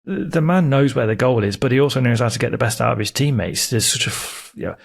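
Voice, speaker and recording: A man's voice: mid-range voice, fast, vocal fry. A man co-hosting a casual football podcast, chatty and enthusiastic. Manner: chatty, enthusiastic, with many fillers and restarts. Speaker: podcast co-host.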